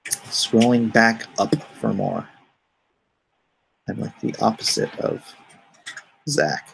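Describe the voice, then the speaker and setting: A middle-aged man talks loosely through a live stream, with a gravelly, creaky edge to his voice. He rambles between topics and reads out his viewers' comments before replying to them. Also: on the low side, slow pace, long pauses, a little hiss or hum. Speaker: comic artist hosting a live stream. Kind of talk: casual live-stream chat.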